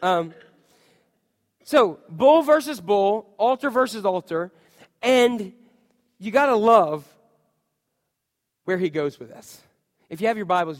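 A man preaching a sermon who tells the story in a humorous, animated way and jokes with the congregation. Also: sits high, long reverb tail. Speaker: pastor.

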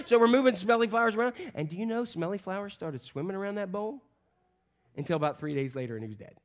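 High-voiced pastor telling a funny story. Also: male voice, rapid-fire. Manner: animated, humorous storytelling with many fillers. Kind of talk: sermon.

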